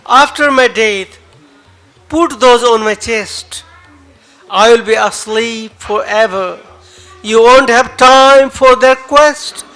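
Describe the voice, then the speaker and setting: A man with a Nepali accent performs spoken word poetry at a cafe open mic. His voice sits high and bright, and he delivers each line slowly and dramatically, repeating phrases for emphasis. Faint music plays in the background. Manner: dramatic, emotive recital with pauses and repeated lines.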